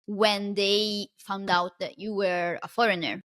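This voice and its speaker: A woman who grew up speaking Italian hosts a relaxed interview in English at a middle pitch. She asks questions in a friendly way and backs up her guest with quick agreement. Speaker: host and Italian teacher. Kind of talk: casual interview chat.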